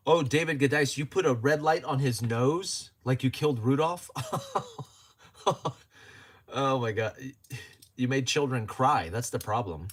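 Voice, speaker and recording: A man's voice: mid-range voice, a little slow, long pauses. A man hosting a casual livestream, chatting and joking as he reads viewer comments aloud and laughs often. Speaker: livestream host.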